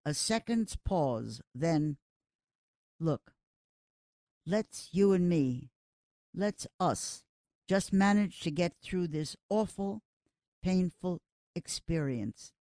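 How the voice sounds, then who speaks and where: An older gossip columnist reading a personal column aloud in a measured, deliberate way, in short phrases. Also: mid-range voice, expressive, dark tone, no room sound, clean studio sound.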